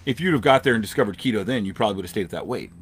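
A man's voice: on the low side, expressive, slight background noise. A man co-hosting a casual podcast chat, talking in an emphatic, rambling way. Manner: rambling, emphatic, fast talker. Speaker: podcast co-host.

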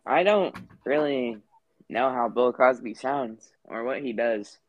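A man's voice: mid-range voice, slow pace, no echo, dull audio. A man on a comedy podcast joking along in a hesitant way, laughing between lines. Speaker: podcast co-host. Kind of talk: casual comedic chat.

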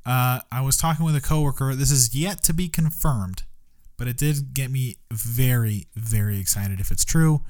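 A woman's voice: rumbling low, normal speed, a little mellow. A woman co-hosting a casual podcast chat, joking and swearing freely. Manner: joking, swears freely, jumps into silly voices. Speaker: podcast co-host.

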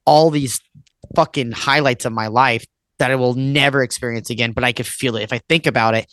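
A man's voice: medium pitch, steady tone, fairly quick, fairly bright tone, no room sound. A man in his thirties chats as a podcast guest, rambling from one memory to the next with plenty of "like" and cursing. The recording is dry and close, with no room sound. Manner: rambling, swears often, fills with "like". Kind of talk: casual podcast chat.

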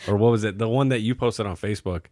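A man's voice: on the low side, fast, a little mellow, dry recording, studio quality. A man hosting a podcast, chatting casually in a crude, profane, joking way. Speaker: podcast host. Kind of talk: casual chat.

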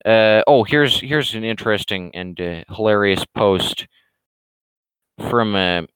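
A man's voice: fairly low pitch, takes it slowly, fairly bright tone, clean tone, no echo, rough recording. A man rambling through casual livestream talk, hesitant and full of restarts as he answers viewer questions. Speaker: streamer and comic creator.

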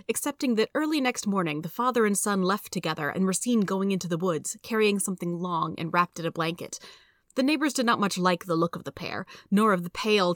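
A woman hosting a reading podcast, reading a story aloud in a steady, clear storytelling manner. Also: on the low side, no echo, clean studio sound. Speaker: host and reader.

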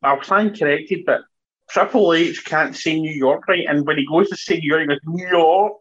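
A man's voice: a little high, fairly quick, fairly bright tone, dull audio, a little hiss or hum. A man co-hosting a podcast, telling rambling, amused stories. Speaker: podcast co-host. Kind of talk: casual podcast chat.

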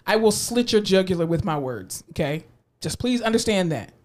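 A woman's voice: lowish voice, lively intonation, normal speed. A woman with a South Florida accent co-hosting a podcast, talking in a sassy, emphatic way with a slight drawl. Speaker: podcast co-host. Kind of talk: casual chat.

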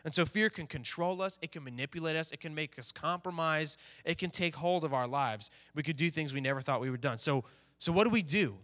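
A man's voice: fairly high pitch, brisk, fairly bright tone. A young man preaching casually to a youth group, telling a story animatedly and acting out the quoted lines. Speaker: youth pastor. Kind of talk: sermon.

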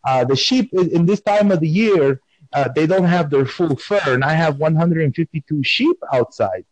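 A man chats on a podcast in a playful, deadpan comic persona, as if it were his natural way of speaking. His voice sits a little high and swings widely up and down. The sound is dry and close. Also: normal speed, dry recording, poor audio. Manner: playful deadpan put-on persona, insisting he has no accent. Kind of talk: comic in-character chat. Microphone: phone call.

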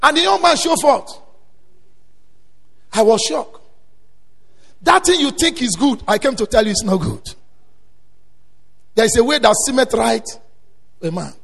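A male preacher delivering a sermon, swinging between quiet storytelling and loud emphatic exhortation. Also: very high voice, lively intonation, unhurried, creaky, pauses often, husky. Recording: long hall reverb.

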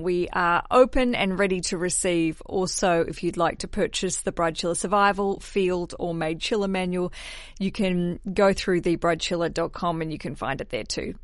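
A woman's voice: mid-range voice, no echo, studio quality. A woman hosting a podcast, chatting casually and rambling into self-mocking asides as she signs off. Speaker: podcast host. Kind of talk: casual podcast chat and sign-off.

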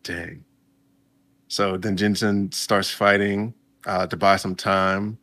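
A man's voice: low-pitched, little pitch movement, slow pace, a bit bright. A man casually recapping a story for his viewers, chatty and laid-back, breaking in with reactions. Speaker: video host recapping a story.

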